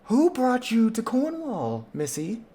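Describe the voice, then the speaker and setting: Woman voicing a nagging middle-aged aunt in a tabletop game: flustered and bossy, animated pitch. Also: slow, heavily acted. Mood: scolding. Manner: flustered, scolding, fussy questions.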